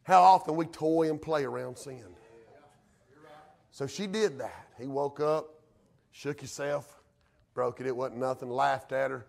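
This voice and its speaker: A man's voice: mid-range voice, unhurried, gravelly, long pauses. A male pastor, preaching a sermon in a folksy way that rises to fervent emphasis.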